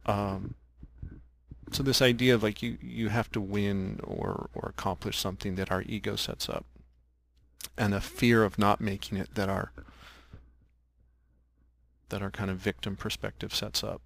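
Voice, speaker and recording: In a lowish, gravelly voice with a fairly bright tone and a flat delivery, a man hosts a relaxed conversation at normal speed. He recounts a workshop story, laughing a lot, adding thoughtful asides, and voicing the quoted lines.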